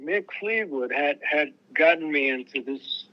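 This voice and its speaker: A man's voice: a little high, expressive, measured pace. An older man, a musician guest, telling stories casually in a rambling way, often restarting his sentences and acting out quotes. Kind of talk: casual storytelling interview. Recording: muffled lo-fi radio sound.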